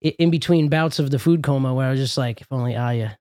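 A man's voice: fairly high pitch, steady tone, fast, darkish tone, dry recording, clean studio sound. A man co-hosting a podcast in casual chat, laughing often, swearing playfully and stammering through restarts. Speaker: podcast co-host.

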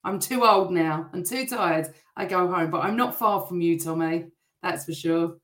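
A middle-aged woman hosts a live stream, chatting and greeting viewers by name as she reads their comments, her voice still a little rough. It's lowish and a bit bright, at a moderate pace, with roomy sound.

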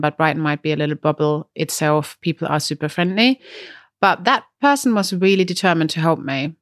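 A woman's voice: fairly low pitch, a bit bright, no echo, studio quality. A woman with a German accent, co-hosting a podcast in a chatty storytelling manner and laughing often. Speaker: podcast co-host. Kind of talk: casual chat.

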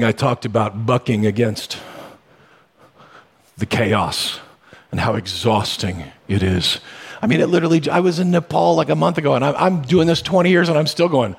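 A man preaching a sermon as pastor, telling stories in a conversational way with sudden animated bursts. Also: on the high side, slightly rough.

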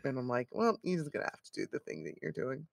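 A mother of a toddler in her thirties tells animated stories and laughs often. Her voice has a gravelly, fry-edged texture. The sound is dry and close, with no room around it. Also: a bass voice, quick pace, dry recording. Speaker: podcast co-host. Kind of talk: casual chat.

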